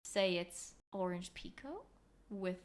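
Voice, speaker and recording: A woman's voice: on the low side, lively intonation, slow. A woman co-hosting a podcast in teasing, laughing casual chat. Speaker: podcast co-host.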